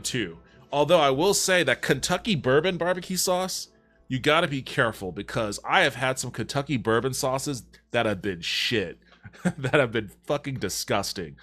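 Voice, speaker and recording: A man casually chatting with his viewers on a livestream, relaxed and profane, reading chat aloud and answering it. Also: medium pitch, normal speed, soft background music.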